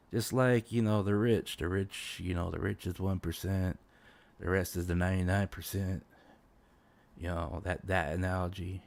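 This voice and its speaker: A man's voice: low-pitched, vocal fry, a little mellow. A man streaming as a VTuber, ranting casually with many restarts and fillers. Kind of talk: casual livestream rant.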